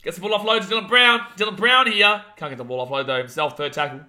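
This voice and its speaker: A young Australian host talks through a rugby league match on a live watch-along, reading chat and ranting as he goes. He is quick-paced and high-voiced, excitable, and he shouts whenever a big play happens.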